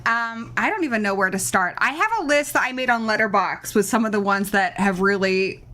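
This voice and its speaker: A woman's voice: medium pitch, fairly quick, bright, forceful tone, a little hiss or hum. A woman hosting a casual livestream chat, brash, joking and freely profane. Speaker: host.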